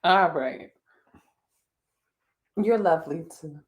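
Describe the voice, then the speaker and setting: A middle-aged woman with a Philadelphia accent co-hosting a casual chat podcast, animated and laughing, acting out little scenes as she talks. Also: low voice, slow. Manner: animated, laughing, acts out quoted exchanges. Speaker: podcast co-host.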